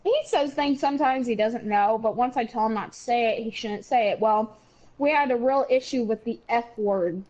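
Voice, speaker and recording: A woman's voice: a little high, moderate pace, a little mellow. A woman and mother chatting casually on a podcast, telling blunt, rambling anecdotes. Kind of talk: casual chat. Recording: dull lo-fi recording.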